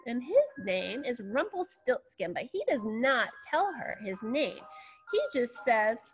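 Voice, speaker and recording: A woman's voice: on the high side, faint music behind. A woman ballet teacher telling a fairy tale to young children and guiding them through dance steps with counting. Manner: slow, animated storytelling with counting instructions. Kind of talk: storytelling dance class for children.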